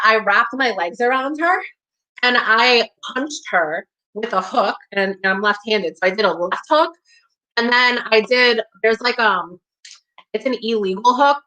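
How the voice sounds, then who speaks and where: Bright-voiced woman telling a heated story. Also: fairly high pitch, normal speed, rough recording. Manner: emphatic, profane, reenacts her own shouting. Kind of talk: live personal storytelling. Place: community hall.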